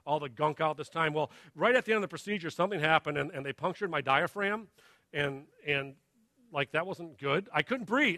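A man in his thirties preaching a sermon, telling a personal story in a halting conversational way that builds to emphatic questions. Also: on the high side, sharp tone, dry recording. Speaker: pastor.

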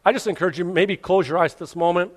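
A male pastor preaching a sermon at a church service, earnestly asking the congregation question after question, swinging from loud to hushed. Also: sits high, fast.

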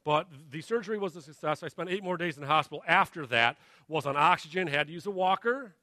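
A man in his thirties preaching a sermon, telling a personal story in a halting conversational way that builds to emphatic questions. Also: a little high, lively intonation, sharp tone, dry recording. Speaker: pastor.

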